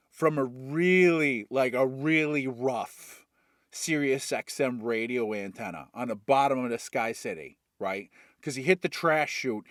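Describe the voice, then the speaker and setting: A man's voice: medium pitch, a bit bright, dry recording, clean studio sound. A man retelling a story as a comedy bit, profane and rambling with jokey asides. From Worcester, Massachusetts. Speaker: comedic recapper.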